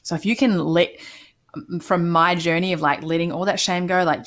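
A woman's voice: on the low side, steady tone, moderate pace. A woman who is a podcast guest, speaking candidly and earnestly with frequent fillers. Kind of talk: candid interview talk.

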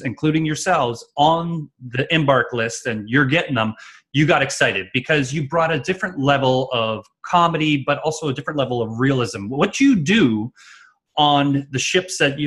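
A man co-hosting a podcast whose voice sits slightly high. He chats casually and puts his questions with enthusiasm and admiration for the guest. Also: a bit bright. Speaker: podcast co-host. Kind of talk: casual interview chat.

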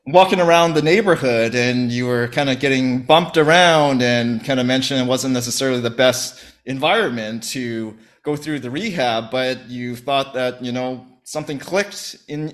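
A man's voice: medium pitch, fairly bright tone. A male podcast host with a mid-range voice sums up his guest's past story. His talk is loose and rambling, dotted with casual fillers.

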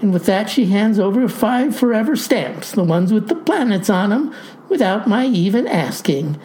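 A woman's voice: medium pitch, animated, normal speed, mellow, a little hiss or hum. A woman telling a comic tall tale in a wry manner, speaking directly to her listeners. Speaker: storyteller.

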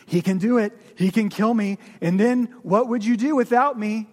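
Man doing a small wheedling lizard, highish, hall echo. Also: moderate pace, darkish tone. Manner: wheedling, bargaining. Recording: long reverb of a large hall.

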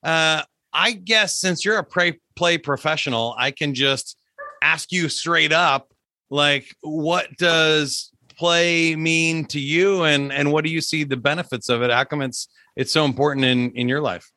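A man's voice: a little high, unhurried, sharp tone, dry recording. A man in his forties hosting a podcast, upbeat and jokey in casual chat. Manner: upbeat, jokey, loose with filler words. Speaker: podcast host.

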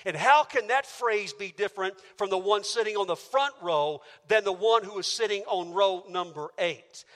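High bright-voiced preacher in a reverberant hall. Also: male voice. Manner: emphatic, builds with rhetorical questions. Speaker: pastor. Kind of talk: sermon. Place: church auditorium.

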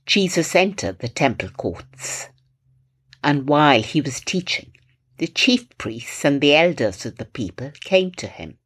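A woman from India hosting a Christian meditation podcast, calmly guiding breathing and scripture reflection. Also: low-pitched, breathy edge. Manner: calm, slow, gently instructive.

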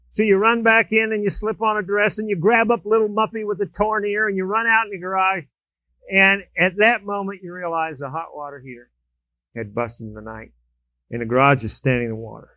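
A man preaching a sermon, telling humorous everyday stories with animated swings in pitch and loudness. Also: a little fast, no room sound. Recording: dull, lo-fi dry recording.

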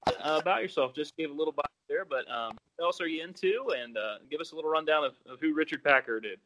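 Bright-voiced man introducing a guest. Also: on the high side, fast, poor audio. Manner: friendly, informal, with fillers. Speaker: podcast host. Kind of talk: interview introduction.

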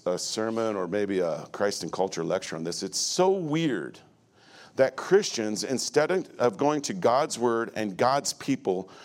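A male pastor preaching a sermon in a church before a congregation, blunt and emphatic with joking asides. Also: medium pitch.

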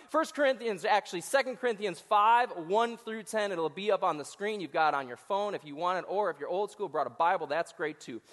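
A man's voice: sits high, a bit bright, big-room sound. A male associate pastor giving a joking, crowd-engaging sermon to a large church audience. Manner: joking, talks back to the crowd. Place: church auditorium before hundreds of people.

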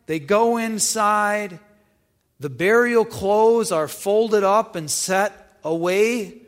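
This Bible teaching comes from a male preacher who reads Gospel verses one at a time, then unpacks them conversationally while putting questions to his audience. He speaks extremely slowly in a fairly high voice for a man, and the sound rings out with long reverb, as though in a church hall.

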